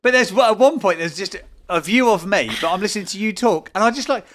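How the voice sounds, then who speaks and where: A man's voice: high-pitched, fairly quick, fairly bright tone. A man, co-hosting a casual podcast and teasing his wife, often acting out quotes. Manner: jokey, teasing, acts out quotes. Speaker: podcast co-host. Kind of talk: casual chat.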